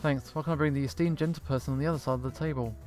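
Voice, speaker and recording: Man voicing a chirpy polite dragon waiter, visual novel, middle-pitched, faint game music. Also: steady tone, rapid-fire, a little mellow, lightly acted. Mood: cheerful. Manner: cheerful, formal service patter. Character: chirpy dragon café server, overly polite.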